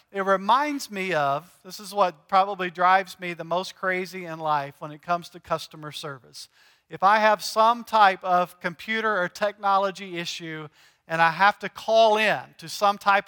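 A man's voice: sits high, pushed and bright, clear, resonant tone. A male pastor preaching a sermon in a conversational, joking way, asking his congregation questions. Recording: long hall reverb.

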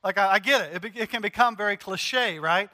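High, bright-voiced pastor preaching. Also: male voice, fairly quick, in a large hall. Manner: animated and joking, talks to the congregation directly. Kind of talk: conversational sermon.

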